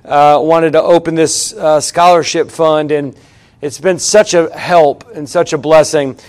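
Pastor with a smooth, higher voice. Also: male voice, steady tone, unhurried, a little mellow. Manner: conversational, addresses the congregation. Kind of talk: sermon announcements.

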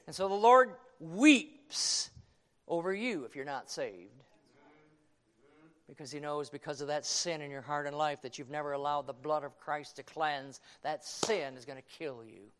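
A man preaching a sermon, quoting scripture and swinging from hushed tones to shouting. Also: on the high side, measured pace. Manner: quotes King James scripture.

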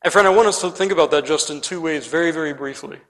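A man's voice: on the high side, fast talker, a bit bright, long reverb tail, low-quality recording. A man preaching a sermon, earnest and emphatic, often calling his listeners friend.

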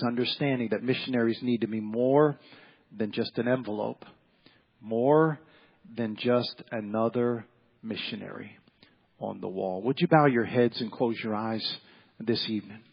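A man's voice: mid-range voice, normal speed, vocal fry, breathy edge, highs cut off. A man preaching an evening church sermon as pastor, folksy and repetitive, often acting out the voices of people in his stories. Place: church sanctuary.

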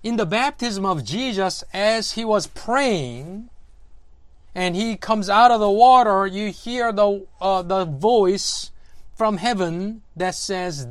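A preacher delivering a sermon in a deliberate manner, posing rhetorical questions to the listeners. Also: medium pitch, animated, no echo.

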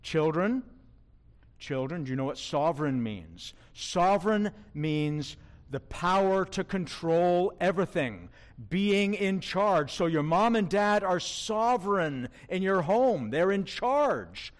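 A man preaching a sermon in a fairly high voice that swings widely up and down. He speaks slowly and with emphasis, putting questions straight to his listeners. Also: animated.

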